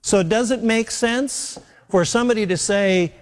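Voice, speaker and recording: A man's voice: sits high, a little slow, long reverb tail. A man preaching a sermon in an earnest way, repeating his key phrases for emphasis.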